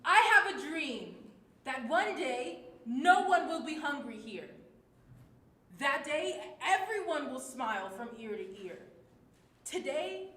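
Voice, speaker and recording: A woman's voice: high voice, very animated, slow pace, a bit bright, reverberant, heavily acted. A woman reciting a short children's poem with exaggerated emotion as a demonstration. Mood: angry. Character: woman reciting a poem in sad, angry, then excited tones.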